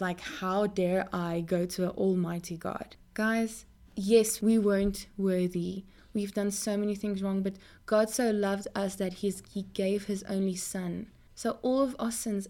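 A young woman speaking earnestly in a Christian faith talk to her viewers, often repeating words as she goes. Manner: animated pitch jumps.

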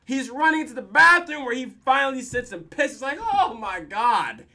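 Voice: sits high, normal speed, pushed and bright. A podcast host recapping a TV episode in casual, profane slang, telling the story with laughs.

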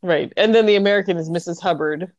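A woman's voice: on the low side, fast talker, no room sound, highs cut off. A woman co-hosting a podcast in casual, playful chat, often laughing. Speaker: podcast co-host.

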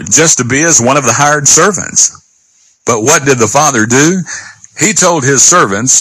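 A male radio Bible teacher preaching in an emphatic, deliberate way, slowing down for scripture. His voice is bright and forceful, with a husky grain. The sound is close and dry. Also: medium pitch, lively intonation, no room sound, low-quality recording. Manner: emphatic, slow scripture reading. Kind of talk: radio sermon.

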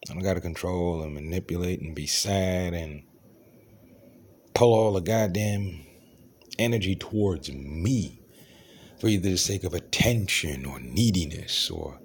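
Very deep man, profane solo rant, low mutters and raised outbursts. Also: a little slow, pauses often, slightly rough. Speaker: ranting host.

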